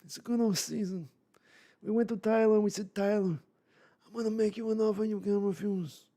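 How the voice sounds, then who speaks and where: A man putting on the voice of an aging male mob boss, hushed and muffled, as a comedic impression. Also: high-pitched, fairly even intonation, brisk, pitched above the performer's own voice. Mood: mock menacing.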